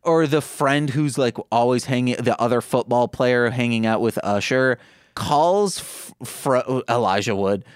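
A podcast co-host chatting casually about a movie and retelling its scenes with animated asides. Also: medium pitch, unhurried, smooth, no room sound, studio quality.

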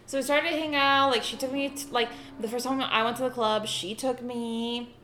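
A woman in her twenties co-hosting a podcast, telling a story in casual chat, with animated delivery, frequent swearing and constant "like". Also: fairly high pitch, normal speed, a little hiss or hum. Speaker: podcast co-host.

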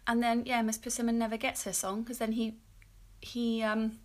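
A woman's voice: on the high side, monotone, normal speed. A woman in her thirties from England, co-hosting a podcast in casual, giggly, teasing chat. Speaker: podcast co-host.

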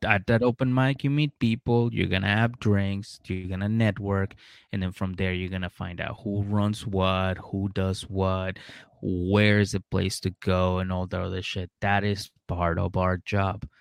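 Man, low gravelly voice, dry close sound, animated storyteller, casual podcast banter. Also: unhurried, no room sound. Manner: animated storytelling, acting out voices, laughing often. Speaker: podcast co-host. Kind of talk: casual chat.

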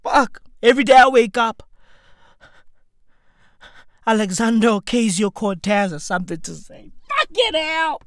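A man, delivering a profane, slang-filled comedic rant and often breaking into shouts. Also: high-pitched, a little slow, long pauses, dry recording, clean studio sound. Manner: loud swearing slang-heavy, jumps to shouts. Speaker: comedic ranter.

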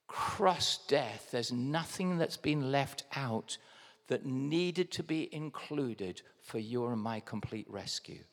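An English man preaching a sermon to his congregation, animated and direct, dropping to a hush and then bursting out loud. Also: medium pitch, slow pace, long reverb tail. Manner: addresses congregation directly as guys. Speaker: pastor. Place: church hall.

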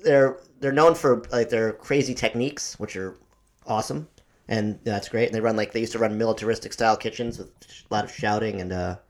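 A man's voice: fairly low pitch, brisk. A man co-hosting a podcast in casual chat, offering firm opinions and friendly jokes. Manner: opinionated, joking. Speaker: podcast co-host.

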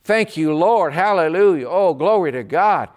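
A woman's voice: fairly low pitch, animated, moderate pace, darkish tone, pitched above the performer's own voice, close to an everyday voice. A man voicing an overjoyed middle-aged woman who has just been converted and is gushing with praise. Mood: ecstatic.

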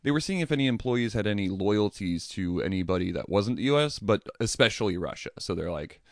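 Low-voiced man hosting a casual podcast. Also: brisk, no room sound, studio quality. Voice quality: swears casually, laughs at own jokes. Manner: animated, acts out quoted people in mocking voices. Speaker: podcast host. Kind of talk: casual history podcast chat.

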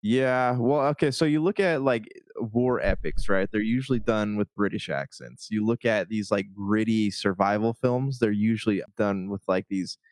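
A man with a fairly low voice talks through his thoughts on a film in a casual, hesitant way. He restarts sentences and fills gaps with "like". The recording is dry and close. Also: normal speed, few pauses, dry recording. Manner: hesitant, lots of restarts and likes. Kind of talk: casual movie chat.

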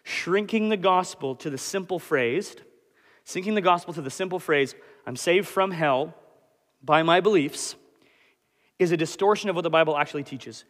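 A man's voice: on the high side, moderate pace. Young man preaching in a reverberant hall. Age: 20s. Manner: animated, conversational, self-deprecating. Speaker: pastor. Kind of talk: sermon. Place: church hall.

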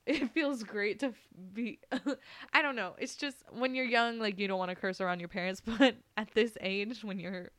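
A woman's voice: mid-range voice, normal speed, a bit bright, no room sound. A young woman hosting a podcast, animatedly telling a personal story, often laughing and swearing freely. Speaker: podcast host.

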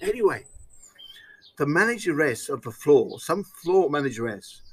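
Man, rambling anecdote, husky voice, lively swooping pitch, casual interview. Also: normal speed, low-quality recording. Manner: rambling storyteller, chuckles often.

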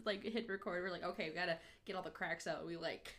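A woman's voice: on the low side, fairly even intonation, fast, fairly bright tone, slight background noise. A young woman co-hosting a podcast in casual chat, upbeat and playful, giggling easily, on a studio mic. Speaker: podcast co-host. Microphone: headphones and studio mic.

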